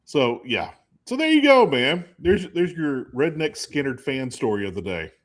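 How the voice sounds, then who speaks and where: Rambling man telling a story. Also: moderate pace. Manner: rambling, animated storyteller with high put-on quoted voices. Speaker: co-host. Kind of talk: casual storytelling.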